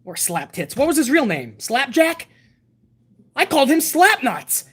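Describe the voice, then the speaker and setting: Speaking in a very high voice without hurrying, a man runs a loose, casual live stream, swearing often and thanking viewers by name. He talks straight to his audience in relaxed, profane banter and reads their messages.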